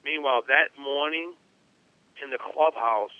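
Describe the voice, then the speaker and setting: A man's voice: mid-range voice, a little slow, no echo. A middle-aged man, a former baseball catcher, telling long stories in a casual interview. He rambles, repeats himself and talks with animation. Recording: dull lo-fi recording.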